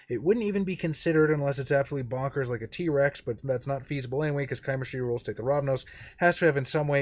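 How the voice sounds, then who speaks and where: A man's voice: medium pitch, a little mellow. A young man co-hosting a casual gaming stream, rambling about game rules and swearing casually. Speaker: streamer and co-host.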